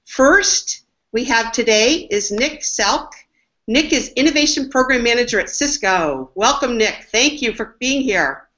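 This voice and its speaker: Woman, webinar host, upbeat and enthusiastic, fairly high voice, muffled lo-fi sound. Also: lively intonation, unhurried, bright, forceful tone. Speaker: webinar host, marketing executive. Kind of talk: hosting a business webinar. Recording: dull lo-fi webinar audio.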